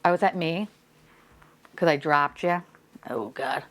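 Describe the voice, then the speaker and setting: A woman's voice: deep voice, a little slow, fairly bright tone. A woman chatting playfully as she unboxes toys on camera, swearing, laughing and dropping to whispers. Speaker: vlogger unboxing blind boxes. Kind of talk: casual unboxing chat.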